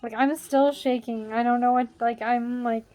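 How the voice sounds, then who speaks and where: A woman's voice: fairly high pitch, steady tone, normal speed, mellow. A young woman vlogger telling a story in a casual, rambling way, full of "like" fillers, still shaken and jittery.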